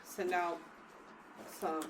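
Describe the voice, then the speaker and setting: A woman council member speaking quietly at a meeting. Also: lowish voice, level tone, extremely slow, noisy background. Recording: echoey room, distant mic.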